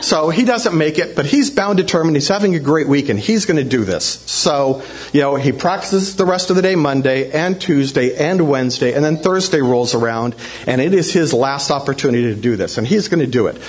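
A man with a fairly high voice tells a personal story to a congregation. He is animated and acts out shouts in a raised voice. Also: a little fast. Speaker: church speaker telling a testimony.

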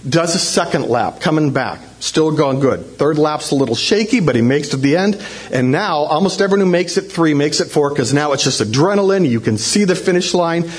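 A man telling a lively personal story to a church congregation, acting out shouts in a raised voice. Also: fairly high pitch, brisk. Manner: animated, acts out shouts in a raised voice. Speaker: church speaker telling a testimony.

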